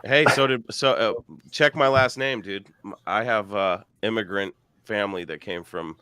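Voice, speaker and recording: A man's voice: lowish voice, moderate pace, sharp tone, clean tone, dry recording. A man hosting a casual livestream chat, joking and laughing often. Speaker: livestream host.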